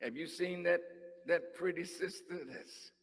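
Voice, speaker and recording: A man preaching a sermon, teasing and conversational, dropping to hushed asides and then rising to shouts. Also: high voice, measured pace. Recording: long hall reverb.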